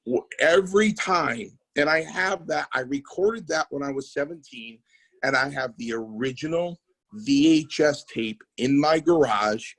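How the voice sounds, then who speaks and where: A man's voice: on the high side, unhurried, rough recording. A man telling wrestling stories in casual podcast chat, acting out the people he quotes. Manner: animated storyteller, acts out quotes. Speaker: wrestling promoter and former wrestler.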